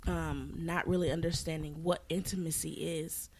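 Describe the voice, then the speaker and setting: A woman co-hosting a faith podcast, explaining her points earnestly and quickly, sometimes correcting herself. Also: deep voice, fairly even intonation, slight background noise. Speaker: podcast co-host. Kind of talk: casual faith podcast chat.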